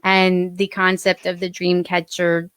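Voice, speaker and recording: A woman's voice: lowish voice, completely flat delivery, measured pace, fairly bright tone, clean tone, dry recording, studio quality. A woman in a band chatting casually on a live stream, teasing her bandmates and trailing off mid-thought. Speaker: band member.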